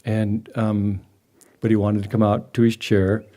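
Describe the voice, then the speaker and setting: An older man telling a personal memory at a memorial gathering, halting and gentle, with many restarts. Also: lowish voice, flat delivery. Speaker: devotee sharing a memory. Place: gathering hall with a live audience.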